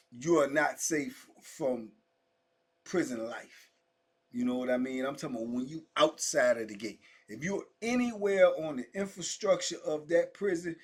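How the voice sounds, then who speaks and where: A man's voice: a little high, moderate pace, slightly rough. A middle-aged man, host of his own channel, telling prison stories in a casual monologue, emphatic and repetitive with heavy street slang. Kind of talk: casual storytelling monologue to viewers.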